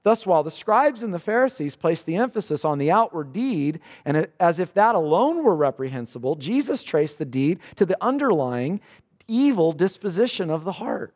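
A man preaching a sermon in earnest. His pitch rises for questions and drops low and slow for solemn passages. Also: big pitch swings, a little mellow. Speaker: pastor. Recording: long reverb of a church hall.

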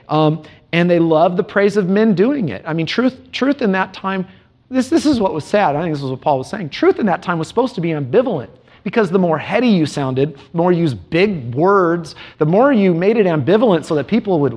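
In a high, slightly mellow voice, this preacher gives a sermon with earnest emphasis. Rhetorical questions mix with passages of scripture he reads in a measured rhythm.

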